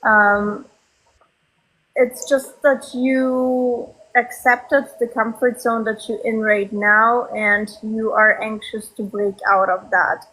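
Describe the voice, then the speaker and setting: A woman psychic medium giving a live reading to a sitter, speaking softly and reassuringly with frequent ums. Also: fairly high pitch, flat delivery, takes it slowly, poor audio.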